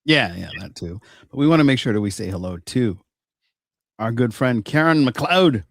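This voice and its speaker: A man co-hosting a podcast, chatting in an easygoing way and doing shout-outs. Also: mid-range voice, lively intonation, normal speed, background noise. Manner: easygoing, laughs often. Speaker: podcast co-host. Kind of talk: casual podcast chat.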